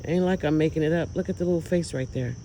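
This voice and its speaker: A man filming outdoors at night, talking to viewers in an emotional, awed, exclaiming way with drawn-out words. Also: fairly high pitch, warm tone, a little hiss or hum, low-quality recording. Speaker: vlogger filming lights at night. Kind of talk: excited casual commentary to viewers.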